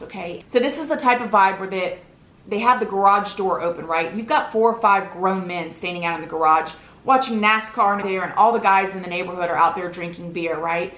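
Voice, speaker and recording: A woman's voice: medium pitch, a bit bright. Woman, vlogger, confiding storytime, checks in with listeners, echoey room. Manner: earnest, confiding, many "like" and "right?" asides. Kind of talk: emotional storytime about childhood.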